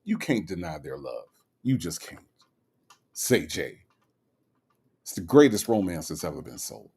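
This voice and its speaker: A man's voice: low-pitched, measured pace, vocal fry, slightly rough. A man hosting a livestream in a casual, teasing way. He reads viewer comments aloud and often checks in with "okay?" and "all right?". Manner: animated and teasing, with many "okay?" asides. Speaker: livestream host.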